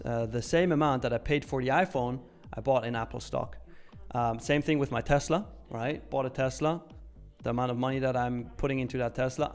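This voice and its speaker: A man's voice: medium pitch, clear, resonant tone. A young man hosting a live trading stream in casual chat, reading viewer questions aloud and answering them. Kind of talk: casual live market commentary.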